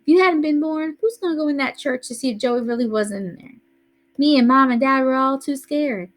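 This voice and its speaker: A woman's voice: high-pitched, fairly quick, voice pushed up, close to an everyday voice, low-quality recording. A woman reading aloud voices a tough, bossy teenage older brother who scolds in a streetwise way. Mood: insistent.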